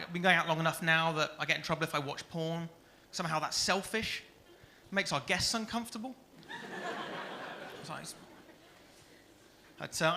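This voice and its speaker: Guy doing stand-up at a club, deadpan jokes, highish gravelly voice, a bit of room noise. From Stoke-on-Trent area, England. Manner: deadpan, dry one-liners. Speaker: stand-up comedian. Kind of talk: stand-up routine. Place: comedy club stage.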